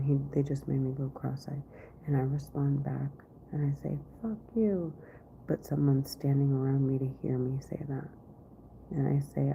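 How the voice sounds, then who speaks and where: Woman, rambling office monologue, slow and creaky, many restarts, faint hiss behind. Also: low voice. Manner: halting, often half-whispered, many restarts. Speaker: vlogger. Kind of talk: rambling live-stream monologue. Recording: tinny phone-like recording, faint noise.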